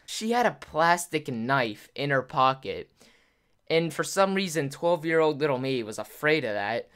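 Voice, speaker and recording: A man's voice: a little high, expressive, unhurried, fairly bright tone, clear, resonant tone. A young man casually telling a rambling story to his viewers, full of "like" fillers and acted-out quotes. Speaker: YouTuber.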